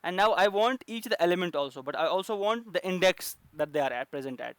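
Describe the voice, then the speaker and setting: A man's voice: high voice, lively intonation, quick pace, a bit bright, smooth, no room sound. A man teaching a coding lesson, explaining step by step with frequent fillers and restarts. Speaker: programming instructor.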